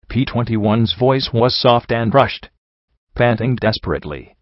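Low-voiced man narrating a story. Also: unhurried, no echo. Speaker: audiobook reader. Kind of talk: scripted narration. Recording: dull dry recording.

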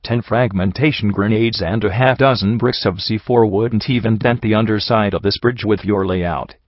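A man's voice: fairly low pitch, normal speed, no room sound, highs cut off, close to an everyday voice. Man voicing a blunt male earth pony.

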